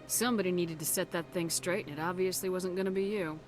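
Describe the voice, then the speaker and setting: A woman's voice: on the low side, fairly even intonation, fast, close to an everyday voice. A woman voicing a tough, blunt female space commander who talks harshly, with game music behind. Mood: brusque.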